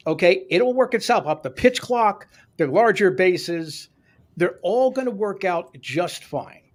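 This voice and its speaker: A man's voice: high-pitched, lively intonation, measured pace. A Canadian man co-hosting a sports podcast, ranting in a sarcastic, opinionated way. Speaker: podcast co-host. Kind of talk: casual sports podcast chat.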